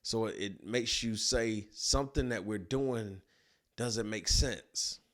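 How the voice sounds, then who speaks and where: A man and business owner telling a personal story in a colloquial, animated storytelling way. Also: fairly low pitch, slow pace. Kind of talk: storytelling talk.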